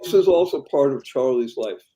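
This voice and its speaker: A man's voice: mid-range voice, expressive, moderate pace, mellow, low-quality recording. A man hosting a webinar panel on a video call, often chuckling as he talks. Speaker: webinar host.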